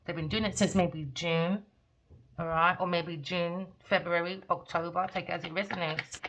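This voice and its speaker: A woman's voice: on the low side, steady tone, moderate pace, noisy background. A woman giving a blunt, profane tarot reading, talking straight at her listeners. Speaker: tarot reader.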